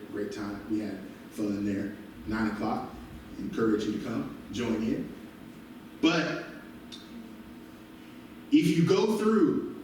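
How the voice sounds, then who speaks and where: A male pastor preaching an animated sermon, recorded from a distance in a church. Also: medium pitch, slight background noise. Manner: animated preaching with call-and-response asides. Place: church sanctuary. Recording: very echoey church from far off.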